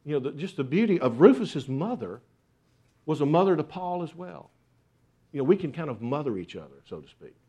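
A man's voice: fairly high pitch, sing-song, a little fast, warm tone, husky. A man preaching a sermon, earnest, with repeated rhetorical questions. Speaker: pastor.

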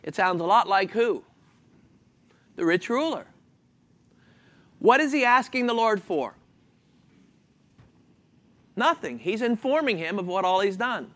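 This sermon comes in a high voice at a measured pace, with frequent pauses. The preacher asks the congregation questions, answers them himself, and stays animated and chuckling throughout.

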